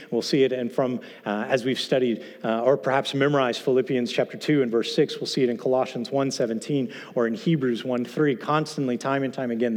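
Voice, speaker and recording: Man preaching in a reverberant hall. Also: mid-range voice. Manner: conversational, asks the congregation, slows for emphasis. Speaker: pastor. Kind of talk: sermon.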